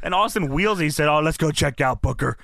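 Animated, profane male storyteller. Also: a little high, a little fast, vocal fry, no room sound, studio quality. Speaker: podcast co-host. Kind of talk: casual chat recapping wrestling.

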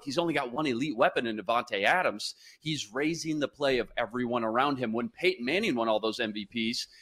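Man, sports talk co-host, mid-pitched voice, reasoned point-by-point delivery. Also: fairly bright tone. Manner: argues point by point, plays devil's advocate. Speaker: podcast co-host.

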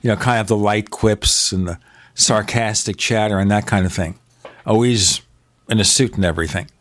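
A man's voice: on the low side, moderate pace, a bit bright, no room sound. An older American man co-hosting a casual chat, telling movie and TV trivia with enthusiasm. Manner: chatty, enthusiastic storyteller. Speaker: co-host.

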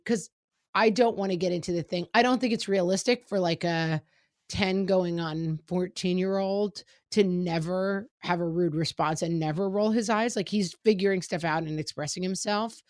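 A middle-aged woman chatting frankly about parenting, quoting her kids in quick asides. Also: fairly low pitch, no echo, studio quality. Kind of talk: casual chat about parenting.

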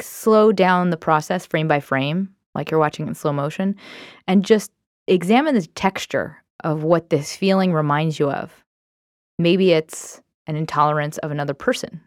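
A woman's voice: fairly low pitch, dry recording, clean studio sound. A woman giving casual, candid self-help advice on emotions, talking conversationally with frequent fillers.

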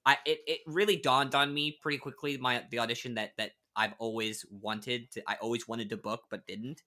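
A man's voice: mid-range voice, fairly even intonation, brisk, bright, forceful tone. A man, an actor guest on a podcast, chatting casually and animatedly, laughing often and restarting his sentences. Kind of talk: casual chat.

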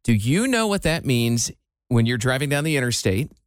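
A man's voice: medium pitch, sing-song, normal speed, dry recording. Chatty male radio co-host, dry studio sound. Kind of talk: casual morning show chat.

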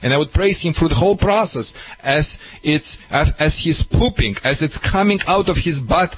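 A man working as a dog trainer who gives advice on call-in radio in broken, non-native English, lively and emphatic. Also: on the high side, normal speed, breathy edge, poor audio.

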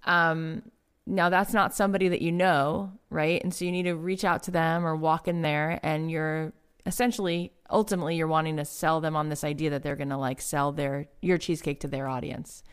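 Low-voiced woman explaining with examples. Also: clean tone. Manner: explains with examples, asks questions. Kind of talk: casual conversational chat.

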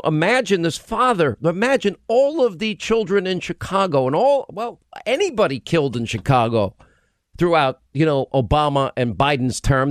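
A man's voice: a little high, no echo, clean studio sound. A man hosting a radio talk show, delivering an emphatic, impassioned monologue full of restarts. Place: radio studio. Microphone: studio microphone.

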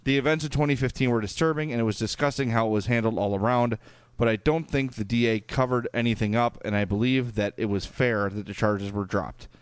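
A man's voice: mid-range voice, fairly even intonation, fairly quick, clean tone, dry recording. Chatty Chicago man reading listener emails. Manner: chatty, full of fillers and restarts. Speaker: podcast co-host.

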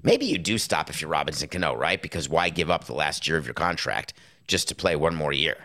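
A man's voice: a bass voice, very animated, brisk. A middle-aged man hosting a sports talk show, giving an opinionated monologue with sarcastic, punchy stresses. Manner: emphatic, sarcastic, punchy with sudden loud stresses.

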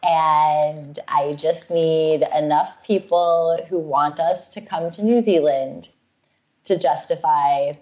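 A woman in a relaxed podcast conversation, her voice sitting on the low side. She talks slowly and takes her time over each thought. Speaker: podcast co-host. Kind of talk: casual chat.

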